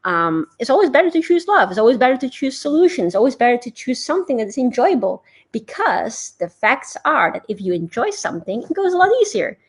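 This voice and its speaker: A woman coaching her online members in a live motivational talk, earnest and animated, acting out inner doubts and cheers. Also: a little high, a little fast, few pauses, slightly rough. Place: recorded for a live stream.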